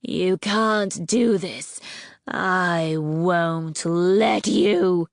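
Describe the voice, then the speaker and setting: Lady narrator doing a massive angry dragon queen, slow and hissy, low and dry, audiobook voice. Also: creaky, no echo, full character voice. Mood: menacing. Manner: slow, spitting, hissing delivery. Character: huge furious dragon queen, proud and merciless. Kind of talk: audiobook character voice.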